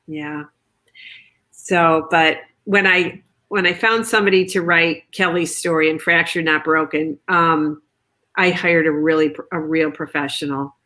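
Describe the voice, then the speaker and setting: A woman author chatting on a video call, telling stories in a lively way and acting out quoted lines. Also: low voice, a little slow. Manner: chatty, animated storytelling with quoted asides. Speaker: author guest. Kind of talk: casual video chat.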